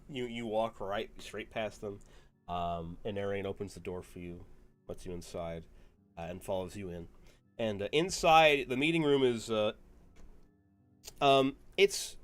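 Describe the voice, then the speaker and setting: A man's voice: lowish voice, normal speed, fairly bright tone. A man narrating as game master of a tabletop game, rambling with lots of fillers. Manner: rambling, full of fillers and laughs.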